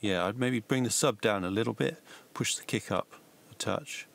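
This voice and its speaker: Low gravelly man giving mix notes. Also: moderate pace. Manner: relaxed, hedging suggestions. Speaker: mastering engineer giving mix feedback. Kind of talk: casual spoken feedback.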